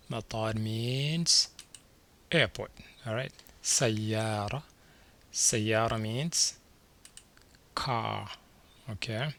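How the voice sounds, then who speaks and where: A man's voice: medium pitch, pushed and bright. A man teaching a beginner language lesson over slides, patiently repeating each word and checking in with the learner. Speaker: Arabic teacher.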